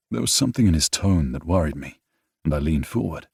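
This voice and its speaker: Deep, husky male audiobook narrator. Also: a little fast, dry recording, studio quality. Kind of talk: scripted narration.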